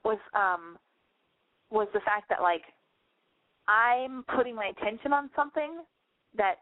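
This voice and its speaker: A woman hosts a call-in advice show, ranting bluntly and swearing freely. Her voice sits a little high. It comes through a narrow, dry, phone-like line. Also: expressive, unhurried, no echo. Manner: blunt and swearing, ranting, mimics callers with squeals. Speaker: radio call-in advice host.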